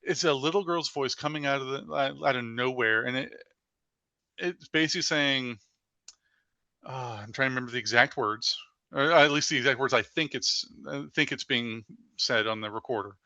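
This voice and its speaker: A man's voice: mid-range voice, normal speed, no room sound, lo-fi sound. A man, a paranormal investigator, telling stories as a guest in a casual podcast interview, filling his speech with "like". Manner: animated storyteller with frequent "like" fillers.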